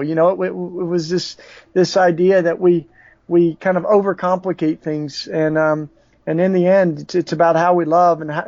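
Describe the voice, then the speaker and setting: A man with a Southern US accent, a podcast guest telling stories in a halting way with many restarts. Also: sits high, a little mellow, dry recording. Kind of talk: conversational storytelling. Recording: dull, dry lo-fi audio.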